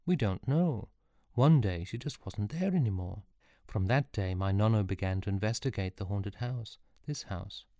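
A man's voice: fairly low pitch, expressive, normal speed, warm tone, no room sound, clean studio sound. A man voicing a lonely young man lost in time, asking questions in a plain, wondering way. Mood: pleading.

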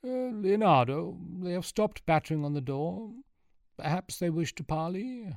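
A nervous, high-strung young man, voiced by a man reading a story aloud speaks in a raised, jittery voice. The reading is close and dry. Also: animated, measured pace, darkish tone, no echo.

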